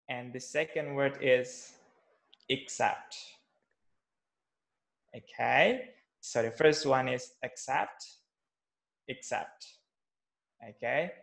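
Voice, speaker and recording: Slow, hesitant man. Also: mid-range voice, vocal fry. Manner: hesitant, frequent fillers and restarts, patient. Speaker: English teacher. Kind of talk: online class teaching pronunciation.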